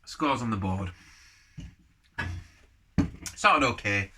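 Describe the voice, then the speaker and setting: A man's voice: on the low side, lively intonation, a little fast, pauses often, sharp tone, a little hiss or hum. A man casually reviewing a beer on camera, rambling from one thought to the next and giving blunt verdicts. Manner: rambling, jumps between topics.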